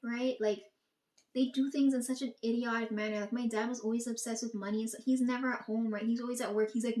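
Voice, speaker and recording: A woman's voice: a little high, steady tone, fast talker, darkish tone. A woman in a casual, profane monologue, ranting and quoting herself and her family. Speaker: vlogger. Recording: echoey room.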